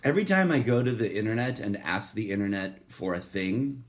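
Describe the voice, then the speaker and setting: Profane, rambling man with lively pitch. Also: fairly quick, a little hiss or hum. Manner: profane, sardonic, digressive. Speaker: podcast host. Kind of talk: rambling solo monologue.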